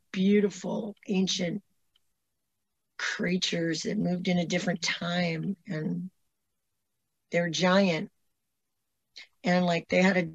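A woman's voice: lowish voice, breathy edge, dry recording. Rambling woman telling a story over muffled audio. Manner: rambling, breathless retelling with restarts. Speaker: interviewee telling a personal story. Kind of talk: casual storytelling, played as an interview clip. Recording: dull lo-fi audio.

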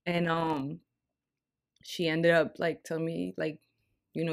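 A woman's voice: low voice, slow pace, creaky. Slangy young woman telling a story. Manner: slangy, laughing, animated retelling. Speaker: podcast co-host. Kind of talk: casual storytelling chat.

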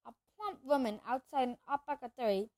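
High-voiced woman reading a storybook aloud. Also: a little fast, no room sound. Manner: steady narration with occasional slips and restarts. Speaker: reader. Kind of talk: storybook read-aloud narration.

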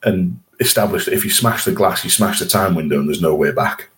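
A man's voice: low voice, a little fast, fairly bright tone. A man co-hosting a podcast, chatting casually about an episode and laughing often. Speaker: podcast co-host. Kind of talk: casual chat reviewing an episode.

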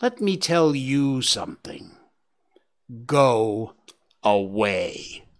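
A man's voice: medium pitch, extremely slow. A man doing a young stag holding back rage. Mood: stern warning. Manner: calm, restrained, quivering with suppressed anger. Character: young male stag, gentle but holding back fury. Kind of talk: audiobook character reading.

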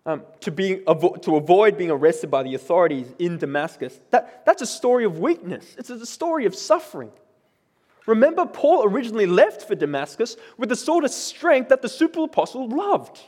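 A man preaching a sermon in a conversational, animated way, often checking in with the congregation with questions. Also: sits high, a little fast, long reverb tail. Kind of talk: expository sermon.

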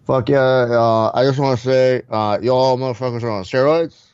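A man's voice: medium pitch, steady tone, moderate pace, a little mellow, smooth, no echo, lo-fi sound, voice pushed up, lightly acted. A man doing a swearing stoner fighter bro. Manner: slurred slang, swears constantly, calls everyone dog. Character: foul-mouthed laid-back male fighter, slangy stoner bro.

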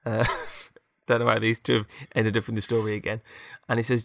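A man's voice: on the low side, completely flat delivery, a little fast, vocal fry, few pauses, no room sound. A man casually improvising a story, rambling with fillers and tag questions.

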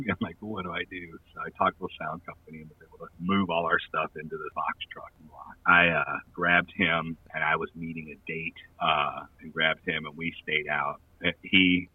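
A man's voice: extremely low pitch, flat delivery, normal speed, hardly any pauses, slightly rough, no echo, recorded from a distance, phone-quality sound. A man who plays in a touring band telling a long, rambling anecdote in casual chat, laughing often and using lots of fillers.

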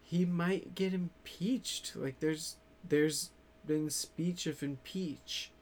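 A man chatting casually to his viewers in a rambling way, swearing freely and halting often on fillers. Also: fairly high pitch, fairly even intonation, a little hiss or hum. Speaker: vlogger.

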